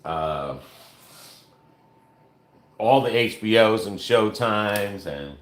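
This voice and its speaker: A man co-hosting a casual home livestream, explaining things slowly with halting fillers while reading out viewer comments. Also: lowish voice, lively intonation. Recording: echoey room.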